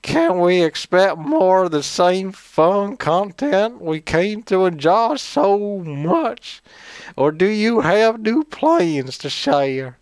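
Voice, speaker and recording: A man's voice: high-pitched, sing-song, slow pace, no echo, voice pushed up, exaggerated voice. A man putting on a drawling fan. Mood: cheerful.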